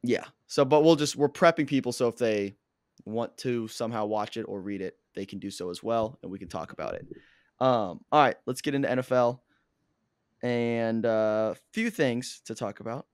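Hoarse male co-host, an excitable sports fan, with a dry, close sound. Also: medium pitch, normal speed, dry recording. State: hoarse, lost his voice. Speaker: podcast co-host; coach. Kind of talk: casual sports chat.

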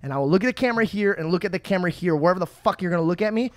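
A man's voice: sits high, rapid-fire, no echo. Passionate, swearing male podcast co-host. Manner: passionate, swears freely, stumbles over words when upset. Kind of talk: casual podcast chat.

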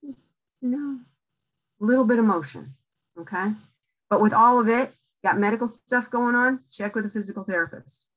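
A woman's voice: fairly high pitch, normal speed, poor audio. A woman giving a public library talk, coaching listeners directly in short emphatic phrases and often checking in with "okay?". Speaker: lecturer on aging in place.

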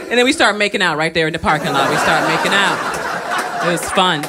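A woman stand-up comedian performing a live set on a club stage, moving between loud punchlines and quiet asides. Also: fairly low pitch, animated, fast, over a noisy crowd. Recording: live club recording, audience laughter and noise.

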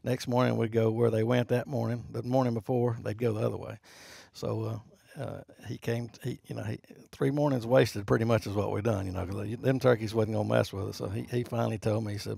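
Middle-aged Alabama man, quick gravelly delivery, rambling storyteller. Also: lowish voice, level tone, warm tone, no room sound, studio quality. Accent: Southern US (Alabama). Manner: halting, loaded with fillers and restarts. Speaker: podcast guest. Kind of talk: casual storytelling.

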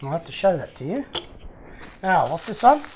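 A man's voice: sits high, very animated, moderate pace, a little mellow, slight background noise. Chatty Australian man unboxing toys. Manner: chatty, rambling, self-mocking jokes. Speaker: model car restorer and YouTuber. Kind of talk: casual unboxing chat.

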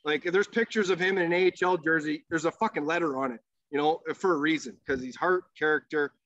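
A man's voice: fairly high pitch, fairly quick, a bit bright, a little hiss or hum. A man who is a former hockey goalie, telling a casual, rambling story as a podcast guest and swearing freely. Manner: profane, rambling storyteller with many fillers. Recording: dull lo-fi podcast audio.

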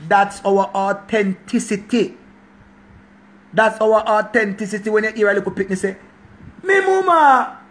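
A Jamaican man in his forties holds forth in a casual monologue rant, his voice sitting high for a man. He is preachy and emphatic and hammers each point by saying it again. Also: completely flat delivery, normal speed. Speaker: channel host.

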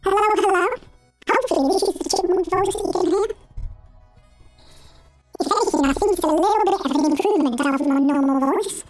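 A man's voice: very high voice, a little fast, long pauses, faint music behind, voice pushed up. A man talking through a chipmunk voice filter on a live stream, chatty and giggly. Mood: playful. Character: squeaky high chipmunk voice, chatty.

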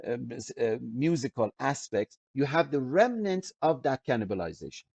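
A man from Iran, a professor and interview guest, talking about scholarship in a passionate, emphatic way with frequent restarts and lively swings in pitch. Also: normal speed, vocal fry, slightly rough, dry recording, dull audio. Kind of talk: animated scholarly discussion.

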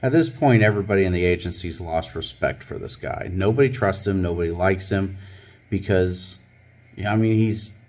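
A man, a former police officer, casually telling a story from his old job in a wry, conversational way. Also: on the low side. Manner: conversational, wry, many fillers. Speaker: scuba channel host, former police officer.

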